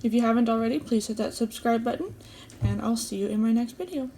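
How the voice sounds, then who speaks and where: A woman hosting an embroidery tutorial, calmly explaining each step as she works with her hands at a table. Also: fairly high pitch, fast, a little hiss or hum. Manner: calm, step-by-step explaining while stitching. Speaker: embroidery channel host.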